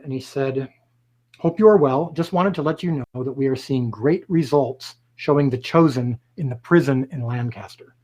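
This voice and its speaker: A man hosting a live stream, making upbeat, emphatic promotional announcements and slowly repeating key points. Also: a little high, darkish tone, low-quality recording.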